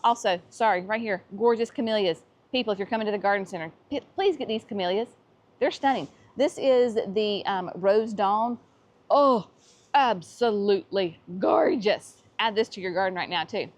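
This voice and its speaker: A woman's voice: mid-range voice, fairly quick, hardly any pauses. A woman, the host of a gardening vlog, chatting enthusiastically as she shows off plants at her nursery. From North Carolina, US. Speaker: nursery owner and channel host. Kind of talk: casual gardening vlog walkthrough.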